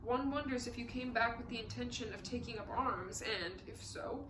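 Woman playing a stern male prosecutor, clipped questions, fairly high voice, echoey room. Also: normal speed, noisy background, close to an everyday voice. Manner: clipped, interrogating. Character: stern male Soviet prosecutor, cold and probing.

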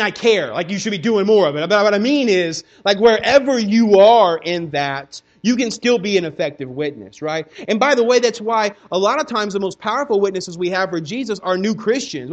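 A man with a notably high voice delivers a sermon in a loose, chatty style. He acts out quick quoted voices of his kids and of doubting churchgoers, then drops back to his own preaching tone. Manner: conversational preaching, acts out kids' and congregants' voices. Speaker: pastor.

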